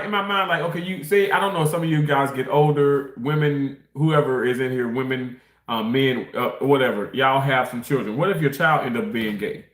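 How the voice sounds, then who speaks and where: A man from Mississippi hosts a livestream, eating while he chats casually, rambling, laughing a lot and reading chat comments aloud. His voice sits a little high and sounds a bit bright, with a roomy quality to the audio.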